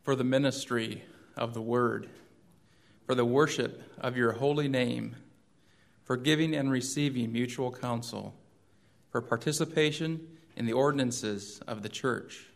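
A man reading a dedication passage aloud in church in a plain, even way. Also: mid-range voice, unhurried, creaky. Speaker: congregation member reading. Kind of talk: responsive reading.

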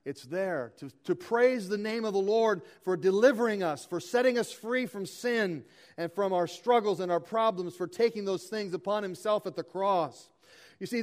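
Pastor, male, higher-pitched voice, earnest sermon delivery with slow emphatic scripture reading. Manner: earnest preaching, reads scripture slowly and emphatically.

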